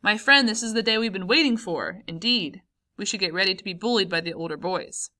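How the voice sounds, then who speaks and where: A woman's voice: medium pitch, fairly quick, pushed and bright, close to an everyday voice. A woman voicing a bold, joking teenage schoolboy in an audiobook. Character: teenage boy, schoolfriend, cocky.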